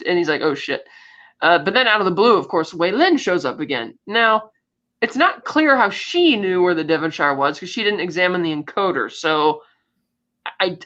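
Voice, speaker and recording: On a podcast she co-hosts, a woman casually recaps a film's plot in a chatty way, full of fillers and restarts. Her voice sits fairly low with a fairly bright tone, though the audio is dull.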